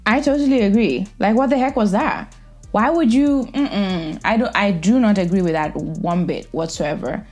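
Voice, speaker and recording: A woman's voice: medium pitch, normal speed, darkish tone, soft background music. Opinionated woman giving blunt commentary. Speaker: reaction vlogger. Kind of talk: casual commentary.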